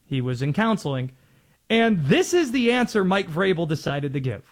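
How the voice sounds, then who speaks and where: Quick-talking high-voiced man debating sports. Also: big pitch swings. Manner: argumentative, quick, laughs. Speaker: sports talk co-host.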